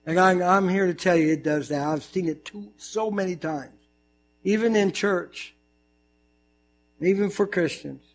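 A man's voice: high voice, measured pace, pauses often. A man preaching a sermon, telling stories with jokes and putting on voices as he goes. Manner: animated storytelling, mimics voices, jokes. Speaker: pastor. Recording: mains hum.

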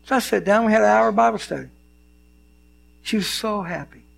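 An older man preaches from the pulpit in a church, his voice pitched high with a rough, gravelly edge. He tells stories from his own life and acts out the people in them. The manner is animated and personal. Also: brisk. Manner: animated storyteller, acts out dialogue. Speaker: pastor. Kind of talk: sermon with personal storytelling.

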